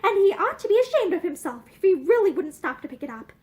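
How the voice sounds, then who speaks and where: A woman's voice: extremely high pitch, sing-song, quick pace, darkish tone. A woman reading aloud and voicing an earnest, sensitive young woman who speaks eagerly and a little tremulously. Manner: eager, slightly tremulous speech.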